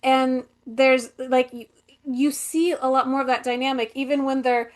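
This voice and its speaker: A woman's voice: a little high, fairly even intonation, moderate pace. A woman co-hosting a podcast, chatting casually about a book and its film, rambling with lots of fillers. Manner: rambling, filler-heavy, acts out characters' lines. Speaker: podcast co-host.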